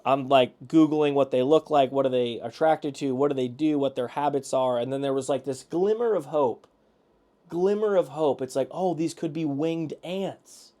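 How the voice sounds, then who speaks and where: A man co-hosting a casual podcast, talking through events and quoting what people said along the way. His voice sits at an ordinary middle pitch for a man. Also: normal speed, mellow. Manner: chatty, retelling events with quoted asides. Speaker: podcast co-host. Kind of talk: casual chat.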